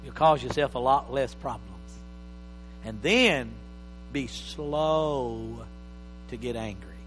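A man preaching a sermon as pastor, emphatic, swinging from loud bursts to quiet asides. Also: medium pitch, slow, soft background music. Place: church hall. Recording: reverberant hall with faint mains hum.

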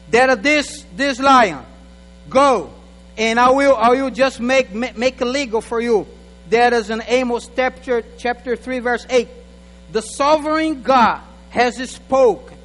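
A male pastor delivers a sermon in a very high voice, slowly and deliberately, in English that is not his first language. He often stumbles and repeats words as he talks. His voice rings out with a long hall reverb. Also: pushed and bright. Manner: halting, repeats words, non-native phrasing, talks to an assistant.

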